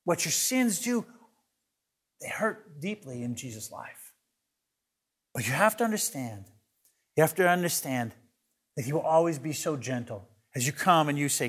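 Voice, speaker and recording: A male pastor preaching a sermon in an earnest way, often repeating words as he builds each point and moving between loud emphasis and soft, hushed lines. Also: on the high side, expressive, moderate pace, pauses often, slightly rough.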